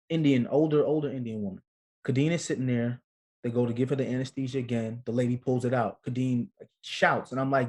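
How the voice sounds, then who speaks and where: A man in his thirties tells a story as a guest in a relaxed interview. His delivery is lively and casual, and he acts out the voices of the people in it. His pitch sits in the middle range for a man. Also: fairly quick. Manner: animated storyteller, acts out quotes. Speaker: guest, actor and father.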